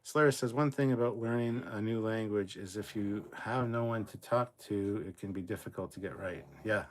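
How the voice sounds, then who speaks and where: A man's voice: lowish voice, moderate pace. A middle-aged man hosting a livestream, reading viewer comments aloud in a casual, loose way and swearing freely. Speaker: livestream host reading chat. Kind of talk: casual live chat reading.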